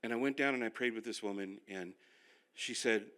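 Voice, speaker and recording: An older male pastor teaching a finance class, telling animated, self-deprecating stories. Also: lowish voice, fairly quick. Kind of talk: sermon-style finance class.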